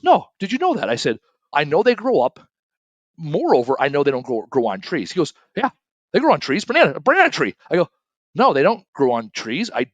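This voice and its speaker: A middle-aged man talks straight to camera in a loose, animated way, correcting himself mid-sentence and slipping into the voices of the people he quotes. His pitch swings widely and sits a little high for a man. The sound is close and dry, with almost no room echo. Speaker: author and speaker. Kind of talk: casual solo talk to camera. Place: home studio, shooting remote.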